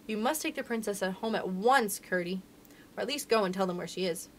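A kindly, practical mother in a small cottage, as a woman reading a storybook puts her on. She speaks low and calm, gentle but firm. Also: brisk, slight background noise, lightly acted, low-quality recording.

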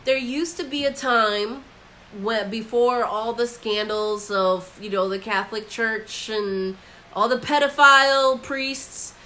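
Speaking slowly with a slightly high, sharp voice, this Bible teacher offers a relaxed commentary. She keeps it conversational, saying "like" often and performing the quotes she cites. The recording is rough.

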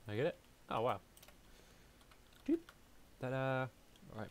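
A man's voice: on the low side, wildly swooping pitch, moderate pace, slight background noise. A young man giving casual let's-play commentary, chatty, talking to himself and humming as he plays. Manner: chatty, talks to himself, hums and mutters while playing. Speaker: gaming YouTuber.

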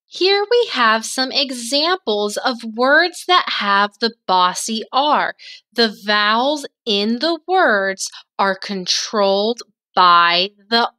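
Slow, bright-voiced teacher woman. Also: a little high. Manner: slow, clearly enunciated, drawn-out sounds. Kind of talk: phonics lesson for young children.

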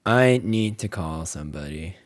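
A man's voice: deep voice, expressive, moderate pace. A man streaming a game, talking casually in a rambling, hesitant way with many fillers. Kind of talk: casual live-stream commentary.

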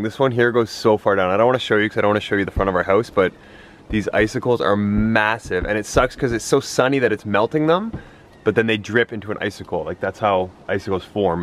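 A young man casually vlogging to a handheld camera outdoors in the snow and at home, chatty and at times out of breath. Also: lowish voice. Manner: chatty, breathless after shoveling. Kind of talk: casual vlog chat.

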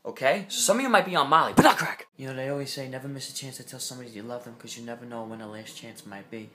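A young man doing comedy sketches, loud and profane, swinging from mumbles to shouts. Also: mid-range voice, racing, reverberant, over loud music. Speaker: comedy video maker.

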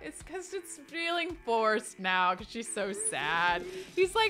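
A young woman talks through her life-sim game in a chatty, animated way, sometimes reading its text aloud. Her voice sits fairly high and sounds bright and forceful. Soft music plays quietly underneath. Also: takes it slowly, few pauses. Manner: chatty and animated, jumping up high for excited squeals. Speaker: gaming streamer. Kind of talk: casual game commentary.

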